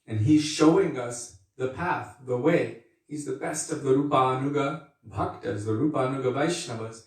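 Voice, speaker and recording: A man giving a devotional lecture as a spiritual teacher, earnest and unhurried, repeating key phrases for emphasis. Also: medium pitch. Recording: echoey and distant from the mic.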